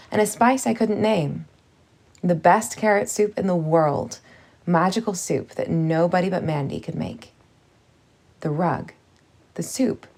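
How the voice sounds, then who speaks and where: A woman narrating a children's novel in the first person, reading gently. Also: fairly low pitch, gravelly. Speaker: audiobook reader.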